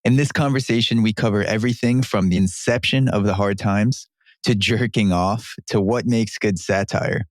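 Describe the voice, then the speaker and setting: Low-voiced male podcast host. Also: normal speed, no room sound, studio quality. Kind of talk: scripted podcast intro and casual interview.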